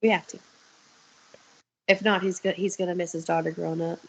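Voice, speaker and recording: A woman's voice: fairly low pitch, fairly even intonation, brisk, a little hiss or hum, rough recording. A young woman talking candidly on a video call, telling stories and swearing freely. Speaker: guest. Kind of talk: casual chat.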